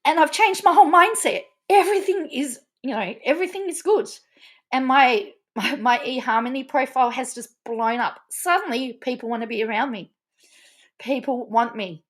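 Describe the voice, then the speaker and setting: A woman's voice: high-pitched, moderate pace. A middle-aged woman talking casually on a live stream, emotional, laughing often and repeating herself. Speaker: vlogger.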